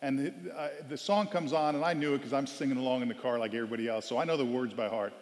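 A man giving a storytelling sermon as a guest speaker, animated and loudly acting out quoted lines. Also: medium pitch, quick pace. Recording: long hall reverb.

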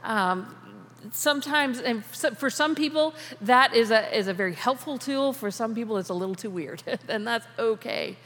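A woman's voice: fairly high pitch, lively intonation, moderate pace, fairly bright tone. A woman giving a conversational sermon on prayer, talking informally, restarting phrases and laughing often. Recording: long reverb of a large hall.

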